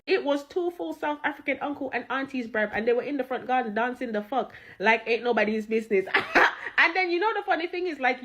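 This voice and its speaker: A high-pitched woman tells a casual story, full of street slang. She is animated and chatty and breaks into laughter.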